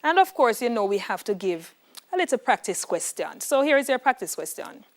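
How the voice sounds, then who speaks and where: A woman teaches an exam-prep class on television. Her voice sits a little high. She speaks clearly and lays stress on each tip. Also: very animated, fairly quick. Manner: clear, emphatic teacher giving tips.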